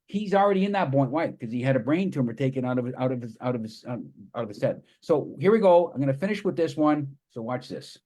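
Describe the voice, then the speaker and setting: A man giving a live presentation to an audience, telling stories with enthusiastic, animated energy. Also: mid-range voice, fast talker, hardly any pauses.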